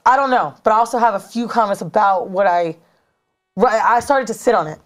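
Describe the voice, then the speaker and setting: A woman in her thirties telling a story in casual chat as a podcast co-host, animated and slangy, recorded in a studio. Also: mid-range voice, fairly quick. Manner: animated, slangy, dramatic retelling.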